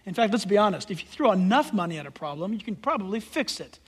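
A male pastor preaching a sermon, emphatic and swinging between loud declarations and hushed asides. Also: high-pitched, sing-song, fast talker, slightly rough. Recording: long hall reverb.

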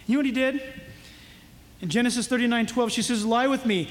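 A man preaching a sermon as pastor, animated, acting out voices from the stories he tells. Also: very high voice, normal speed, big-room sound.

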